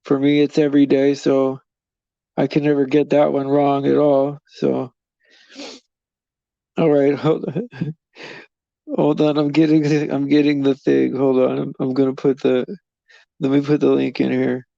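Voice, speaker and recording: A man's voice: medium pitch, little pitch movement, unhurried, vocal fry, pauses often, mellow, no echo, dull audio. A man hosting a live stream, chatting loosely with viewers in a rambling way and chuckling often. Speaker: livestream host.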